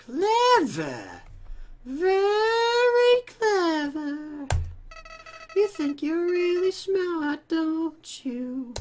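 A woman voicing a menacing male talking flower from a video game, drawing out her words in a high, sneering voice. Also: a little mellow, full character voice. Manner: high, drawn-out, sneering delivery.

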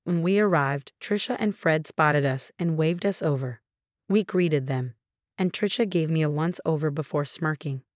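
A woman in her thirties giving a steady, even first-person story narration. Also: low voice, moderate pace, dry recording, studio quality. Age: 30s.

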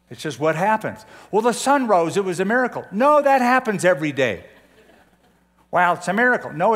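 An older man preaching a conversational sermon as a pastor, often putting questions to his listeners. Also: high-pitched.

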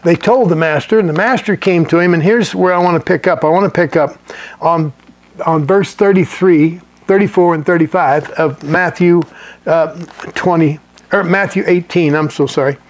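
A man's voice: a little high, normal speed. A middle-aged male pastor teaching a sermon in a folksy, conversational way, chuckling and restarting his sentences.

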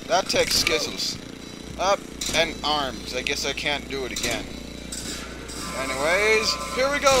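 A young man with a high, wildly swinging voice talks through a game in a slow, drawn-out way, cursing and shouting at what happens on screen. Loud game music plays behind him. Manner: excitable, swearing, yelling at the game. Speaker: gaming channel host. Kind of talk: casual let's-play commentary. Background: game music and sound effects.

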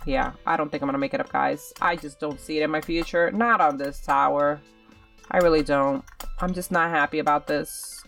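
A woman's voice: low voice, steady tone, moderate pace, gravelly, a bit bright, recorded from a distance, soft background music. A young woman doing casual game commentary, chatty and dramatic, talking straight to her viewers while she plays. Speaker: gaming channel host.

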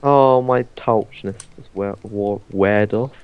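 A man's voice: lowish voice, takes it slowly, clean tone, phone-quality sound. Teasing man laughing through a game. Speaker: player. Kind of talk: casual chat while playing a video game.

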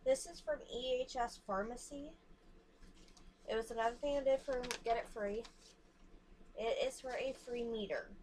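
A woman's voice: fairly high pitch, moderate pace, long pauses, a little mellow, slight background noise. A young woman vlogger chatting frankly and casually while showing free samples to the camera. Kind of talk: casual chat.

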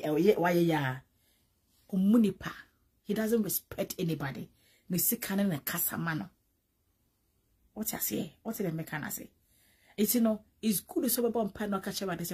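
A woman with a Ghanaian accent giving animated, casual gossip commentary, mixing English with Twi and often repeating words. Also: mid-range voice, husky. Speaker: entertainment vlogger.

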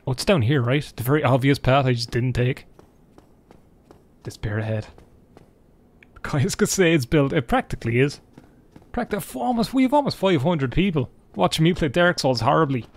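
This young Irish streamer talks with few pauses in a fairly high, expressive voice at a fairly quick pace. Alone in his room, he plays a game and rambles jokily to his chat.

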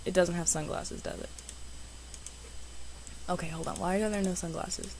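A young woman, a gaming YouTuber, chatting excitedly to her viewers as she plays. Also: on the low side, moderate pace, vocal fry, slight background noise, rough recording. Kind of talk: casual game commentary.

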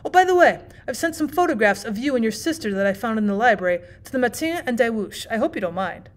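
A woman's voice: fairly high pitch, fast, natural voice. A woman reading aloud, voicing a cool, mischievous young man who speaks carelessly and matter-of-factly about dreadful plans. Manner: calm, careless, matter-of-fact.

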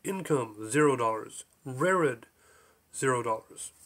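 A man's voice: medium pitch, expressive, measured pace, a bit bright. A man reading his own absurd story aloud, slipping in small voices for its many odd creatures. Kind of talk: audiobook narration.

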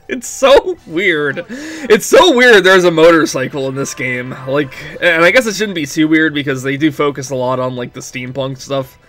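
A man's voice: fairly high pitch, lively intonation, a little slow, fairly bright tone. A young man giving casual gameplay commentary, rambling with lots of fillers and breaking into laughing fits. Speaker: let's play commentator.

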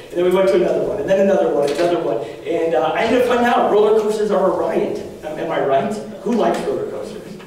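Animated young man in an echoey hall. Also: high-pitched, a little fast, few pauses, crowd noise. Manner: animated, laughs often, many fillers. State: losing his voice. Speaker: parish speaker. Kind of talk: lively storytelling talk to a group. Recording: echoey hall from far off, faint noise.

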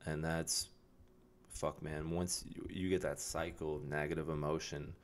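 A young man with an extremely low, rumbling voice speaks in a near-monotone, barely rising or falling. He rambles casually to the camera, pausing on fillers and restarting his sentences as he searches for words. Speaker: vlogger. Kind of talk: casual self-reflective vlog.

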